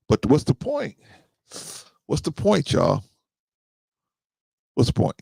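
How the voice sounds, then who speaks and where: A man's voice: medium pitch, huge pitch swings, slow pace, creaky, long pauses, mellow, husky, dry recording. A man of about fifty hosting a casual podcast, talking straight to his listeners, repeating himself and often asking "right?". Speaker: podcast host.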